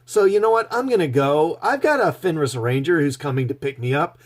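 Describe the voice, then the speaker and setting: A man's voice: fairly high pitch, lively intonation, fairly quick, natural voice. A man mimicking a breezy, flippant woman vigilante in a mocking, offhand tone. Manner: offhand, sarcastic.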